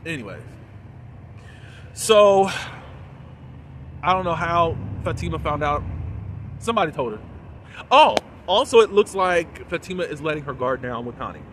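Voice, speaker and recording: A man's voice: fairly high pitch, normal speed, long pauses, a little hiss or hum. Chatty man recapping a TV episode. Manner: animated retelling with quoted dialogue and fillers. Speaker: TV episode reviewer. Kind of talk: casual recap and commentary.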